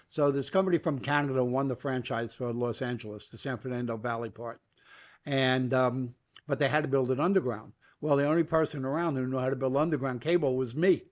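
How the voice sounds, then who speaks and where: A man's voice: medium pitch, brisk. An older man from New York, a guest in an interview, telling long stories and acting out the dialogue as he goes. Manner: animated storyteller acting out quoted dialogue. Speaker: guest, media entrepreneur. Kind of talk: storytelling interview.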